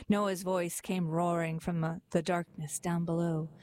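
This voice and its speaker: Low-voiced woman reading poetry aloud. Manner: measured, expressive recitation. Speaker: volunteer reader.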